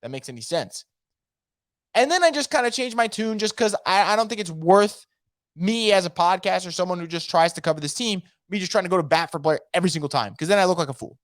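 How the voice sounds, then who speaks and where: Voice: mid-range voice, animated, fast, no echo, studio quality. A sports podcaster giving emphatic, opinionated takes straight to the listener in a solo podcast. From fan of a New Orleans team.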